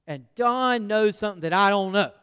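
A man's voice: high voice, moderate pace, bright, forceful tone, clean tone. A man preaching a conversational sermon, folksy and often asking the congregation questions. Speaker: pastor. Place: church sanctuary. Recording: long church hall reverb.

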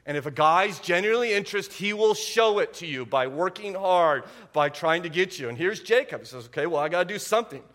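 A man in his forties preaches to his church in a fairly high voice. He keeps things light with jokes and quick asides. He checks in with the room again and again, asking "okay?" and "right?". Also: expressive, a bit bright. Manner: joking, talks straight to the congregation with quick asides and repeated "okay?". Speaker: pastor. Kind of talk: humorous sermon. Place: church sanctuary.

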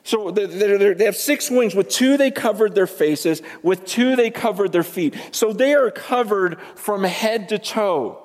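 A male pastor preaching a sermon, swinging between loud emphasis and hushed asides and repeating words as he builds his points. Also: high voice, lively intonation, unhurried, few pauses. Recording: long reverb from a large hall.

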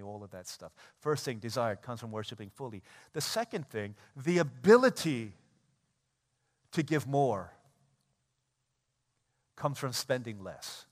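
A man preaching a sermon as a pastor, animated and conversational, acting out everyday scenes. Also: medium pitch. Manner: animated, acts out everyday scenes in quoted voices. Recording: long church hall reverb.

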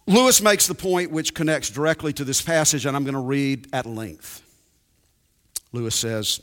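A man preaching a sermon, emphatic and deliberate, repeating his key points. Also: mid-range voice, fairly bright tone, long reverb tail.

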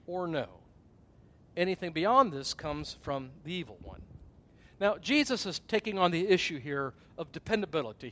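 A man's voice: sits high, a bit bright. A middle-aged man preaching a sermon as pastor, talking conversationally and acting out asides with gasps.

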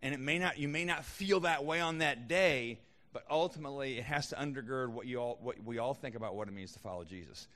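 A man's voice: medium pitch, brisk, hardly any pauses, fairly bright tone, long reverb tail. A man preaching a sermon as a pastor, conversational, with frequent restarts and fillers.

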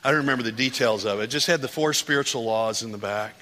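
A man's voice: mid-range voice, quick pace, sharp tone. A man preaching a sermon, telling his own story and building to fervent, insistent appeals. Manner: testimony building to impassioned, rising preaching. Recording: hall with long reverb.

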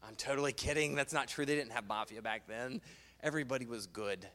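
A man preaching a sermon as pastor in a church, animated and playful, cracking jokes and asides. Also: medium pitch, a little fast. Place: church sanctuary. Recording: long reverb in a large hall.

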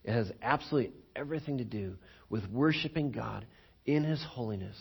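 A man preaching a sermon as pastor, telling stories with lively acted-out voices and frequent chuckles. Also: mid-range voice, brisk, creaky, slightly rough. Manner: animated storytelling, acts out quoted voices, chuckles often.

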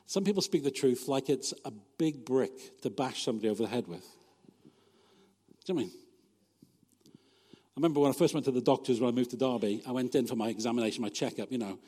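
A man's voice: medium pitch, quick pace, pauses often, dark tone, slightly rough, big-room sound. A man, a pastor, preaching a sermon in a conversational, humorous way, often asking his listeners rhetorical questions.

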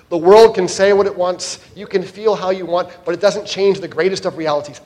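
A man's voice: sits high, fairly even intonation, a little fast, hardly any pauses, a little mellow. A man preaching a sermon as pastor at a church service, addressing the congregation directly and earnestly.

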